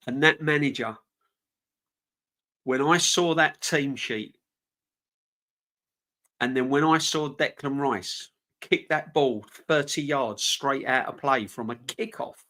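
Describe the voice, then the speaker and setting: A man's voice: medium pitch, slow, pauses often, pushed and bright. A man hosting a fan channel live stream, ranting with passion and repeating himself. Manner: passionate, fuming, repetitive.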